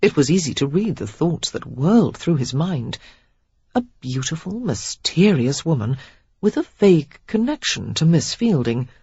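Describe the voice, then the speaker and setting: Husky, expressive audiobook narrator. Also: mid-range voice, moderate pace, no echo, dull audio. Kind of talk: scripted narration.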